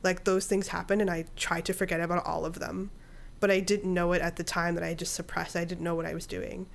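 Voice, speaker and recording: A woman's voice: lowish voice, flat delivery, fairly quick, gravelly. A woman in her thirties, a podcast guest, telling a personal story in casual conversation and acting out her own inner dialogue.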